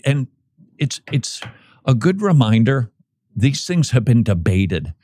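A man's voice: medium pitch, big pitch swings, slow pace, warm tone, dry recording, studio quality. A man hosting talk radio, reading an article aloud and breaking off for playful jokes. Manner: playful, joking asides while reading aloud. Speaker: radio host. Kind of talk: casual talk radio commentary.

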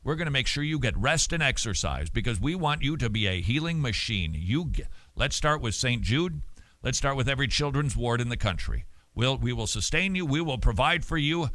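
A man hosting a show, answering listener mail in casual talk, animated and emphatic with many restarts and repeated words. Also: medium pitch, fairly quick, no echo. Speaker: radio show host.

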